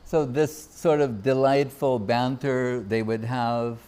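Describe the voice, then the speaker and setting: A man's voice: medium pitch, smooth. A man giving a devotional festival talk, telling anecdotes and acting out the voices of the people he quotes. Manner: anecdotal, warm laughter, acts out quoted voices. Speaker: Gaudiya Vaishnava speaker. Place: temple festival gathering.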